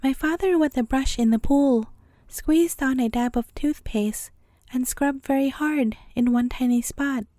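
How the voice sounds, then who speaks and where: A woman reading a bedtime story aloud in a gentle, even storytelling manner. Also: high-pitched, a little slow, dry recording.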